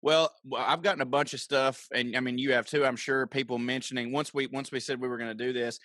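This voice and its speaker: Bright-voiced Southern man telling stories. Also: mid-range voice, fairly even intonation, quick pace, dry recording, studio quality. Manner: profane, storytelling, laughs often. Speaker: podcast co-host. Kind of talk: casual chat.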